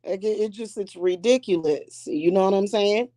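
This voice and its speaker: A woman's voice: medium pitch, steady tone, a little fast, warm tone. A woman, a witch and spiritual teacher, ranting casually and bluntly with plenty of cursing and laughter. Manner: profane, laughing often, blunt. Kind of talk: casual vlog rant.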